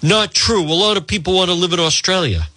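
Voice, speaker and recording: A man's voice: high voice, fairly quick, sharp tone, dry recording. A man hosting talk radio, delivering a combative, exasperated monologue full of rhetorical questions into a studio microphone. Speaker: radio talk show host.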